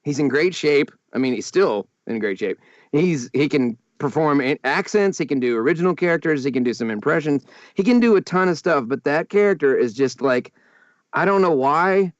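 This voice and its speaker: A man in casual chat, animated and laughing often as he rants. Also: fairly high pitch, moderate pace, no room sound, highs cut off.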